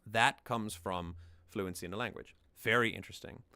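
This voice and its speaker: A man's voice: on the low side, normal speed, bright, forceful tone, no room sound. A man hosting a casual music analysis, explaining thoughtfully and often restarting his sentences. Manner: sings lines back to demonstrate. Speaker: music reaction host.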